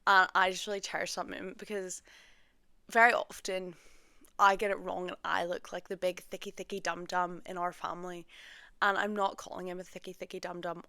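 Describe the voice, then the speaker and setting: A woman's voice: lowish voice, level tone, brisk, bright, forceful tone, clear, resonant tone, no echo, studio quality. A young woman, hosting a podcast in a chatty, self-deprecating way and saying "like" often. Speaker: podcast host. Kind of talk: casual solo podcast chat.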